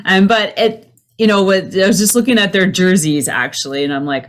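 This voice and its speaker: A woman hosting a podcast, chatting quickly and laughing along with her guest. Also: medium pitch. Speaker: podcast host. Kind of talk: casual interview chat.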